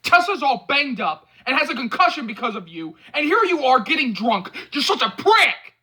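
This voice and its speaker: A man voicing a protective young male friend who scolds and yells at a drunk companion. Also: very high voice, animated, normal speed, pitched above the performer's own voice, heavily acted. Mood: scolding, shouting. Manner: yelling, scolding.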